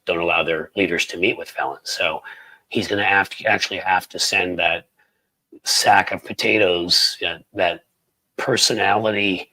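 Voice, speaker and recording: On a casual political livestream, an American man rambles through viewer comments with angry sarcasm, full of fillers and restarts. His voice is very low and husky yet bright and forceful, with fairly even intonation at a moderate pace, on a rough recording.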